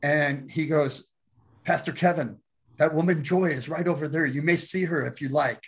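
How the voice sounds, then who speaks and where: A male pastor telling his testimony to an interviewer, animated and quick to laugh. His voice sits a little high for a man, and he acts out the people in the story as he goes. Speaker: pastor and guest.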